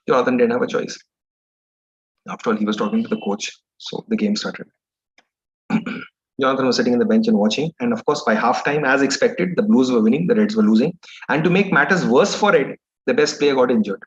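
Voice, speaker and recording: A man's voice: medium pitch, a little fast. Indian English man telling a story. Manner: anecdotal, conversational, rambling. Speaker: motivational speaker. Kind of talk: storytelling lecture. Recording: dull lo-fi recording.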